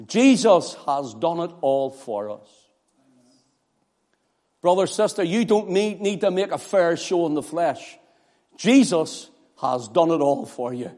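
Impassioned Northern Irish preacher, high voice. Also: male voice, expressive, takes it slowly, a little mellow, big-room sound. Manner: impassioned, rising to emphatic declarations. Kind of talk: sermon.

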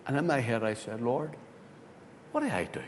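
A man, a pastor telling a story in a sermon, swinging from loud, excited bursts to hushed tones. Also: moderate pace. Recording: hall reverb with faint rumble.

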